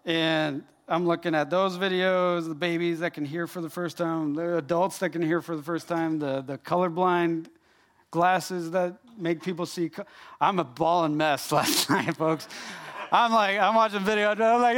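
High-voiced animated male preacher. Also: normal speed. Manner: animated and emphatic, addressing the room directly. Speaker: pastor. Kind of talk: sermon to a congregation.

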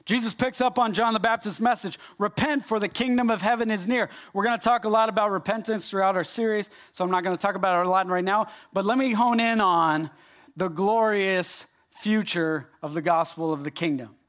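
A man preaching a sermon, animated and emphatic, speaking directly to his congregation. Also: high voice, brisk. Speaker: pastor.

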